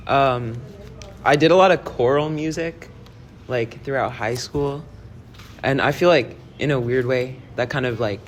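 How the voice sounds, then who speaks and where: A man's voice: medium pitch, a little hiss or hum. A young man in a band, speaking casually and hesitantly, searching for words. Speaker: band member. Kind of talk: casual interview chat.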